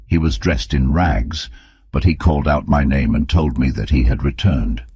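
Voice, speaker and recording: A man narrating an audiobook with a very deep, husky voice and a steady, measured delivery. The sound is dry and close, with no room around it. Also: no room sound. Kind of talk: scripted narration.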